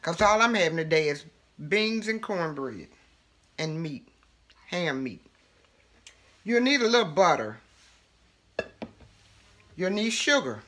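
A woman with a Southern accent hosts her cooking show in a homey, chatty way. She takes her time, drawing words out. Her voice has a bright, forward tone. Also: fairly low pitch, very animated, slow, long pauses. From Alabama, US. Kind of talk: casual cooking demonstration.

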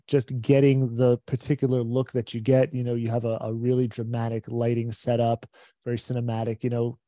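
A host with a mellow, dark-toned voice moderating a Q&A. The delivery is upbeat and lightly joking. The sound is dry and close. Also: mid-range voice, no room sound. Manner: upbeat, joking, reads audience questions. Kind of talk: hosting a Q&A.

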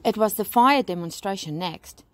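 A woman's voice: medium pitch, animated, slight background noise. A woman teacher reading a story aloud to young children, outdoors. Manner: slow, warm storytelling to children. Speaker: primary school teacher. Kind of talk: bedtime story read-aloud.

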